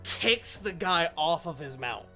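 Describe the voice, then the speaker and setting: A man narrating a tabletop game as game master, animated and laughing often, jumping into loud character quotes. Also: on the high side, a little slow, creaky, faint music behind.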